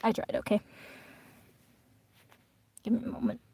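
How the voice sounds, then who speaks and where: A woman's voice: unhurried, warm tone, no room sound. A young woman casually reading a fan story aloud, often breaking off to make slangy, chatty comments. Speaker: reader.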